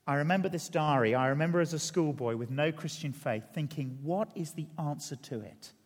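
A middle-aged man preaching a sermon, earnest and building to emphatic peaks before dropping quiet. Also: medium pitch, in a large hall. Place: large church hall.

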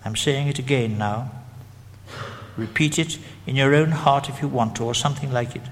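Male preacher, mid-pitched voice, gentle measured delivery, evangelistic sermon, long echo of a big hall. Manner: gentle, slow and deliberate when leading prayers. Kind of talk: evangelistic sermon leading prayer.

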